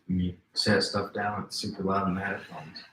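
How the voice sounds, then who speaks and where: Low-voiced offhand man, echoey room. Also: little pitch movement, moderate pace, noisy background. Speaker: podcast co-host. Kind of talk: casual podcast chat.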